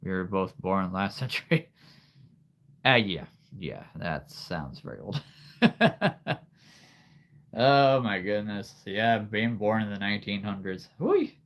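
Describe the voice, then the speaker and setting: Brief: low-voiced livestream host, thirties, halting and unhurried. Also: male voice, animated, fairly bright tone. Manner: rambling, halting, laughs often. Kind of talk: casual live-stream chat.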